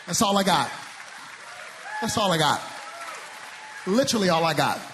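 High-voiced preacher shouting a sermon. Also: male voice, lively intonation, moderate pace, long reverb tail, crowd noise, background noise. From Dallas, Texas. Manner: shouting, sing-song preaching cadence with call-and-response. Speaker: guest preacher. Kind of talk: energetic sermon. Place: large church sanctuary.

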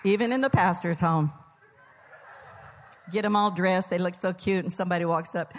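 An older woman, mother of the pastor's wife, delivers a humorous Mother's Day sermon in a church sanctuary, full of folksy jokes and stories told in quoted voices. Her voice is fairly low and steady at a moderate pace, with a long reverb tail in the room.

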